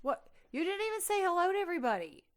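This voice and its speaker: A woman's voice: extremely high pitch, sing-song, fast talker. A woman co-hosting a podcast in casual chat, exasperated and full of questions. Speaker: podcast co-host.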